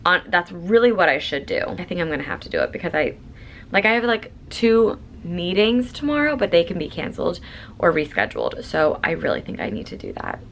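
A woman's voice: lowish voice, wildly swooping pitch, brisk, vocal fry, fairly bright tone, slight background noise. A woman in her twenties vlogging at home, chatting casually to a phone camera in a rambling way full of fillers. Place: at home, on the floor.

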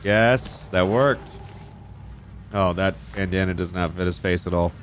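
A man with a fairly low voice riffs through gameplay commentary, swearing freely and getting excitable. He jokes around and talks back at the characters on screen. A faint hiss of noise sits under his voice. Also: a little slow. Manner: excitable, profane, jokey, talks to game characters. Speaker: gaming YouTuber.

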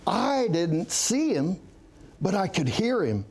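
A high voice with big pitch swings, slow and darkish in tone, belongs to a middle-aged pastor appearing as an interview guest. Earnestly telling his testimony as a story, he breaks into laughter occasionally.

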